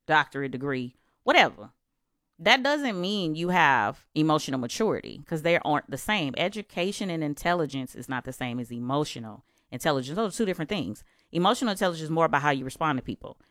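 A woman's voice: low-pitched, fairly bright tone, dry recording, clean studio sound. A woman giving casual advice on relationships in a talk, emphatic and conversational, often asking rhetorical questions.

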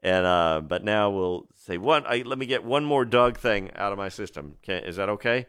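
Low-voiced male radio DJ, chatty and enthusiastic storyteller. Dry, close studio mic. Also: animated, normal speed, a bit bright, clear, resonant tone, no room sound. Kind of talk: radio music show patter.

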